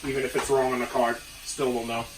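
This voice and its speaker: A man's voice: medium pitch, level tone, fast, background noise. A man hosting a playful cooking vlog in his home kitchen, riffing hyped wisecracks while he cooks. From Brooklyn, New York. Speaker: cooking show host.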